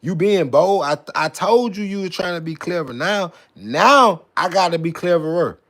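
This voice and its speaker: A man's voice: high-pitched, animated, normal speed, a bit bright. A man vlogging in a profane, mocking rant to camera, repeating himself and stumbling over words with swagger. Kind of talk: profane ranting monologue to camera.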